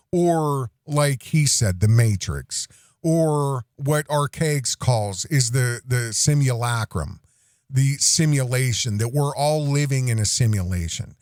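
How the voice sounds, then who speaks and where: A man hosting a podcast, telling a rambling casual story and jumping up high in pitch when he imitates a small child. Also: no room sound, clean studio sound. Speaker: podcast host.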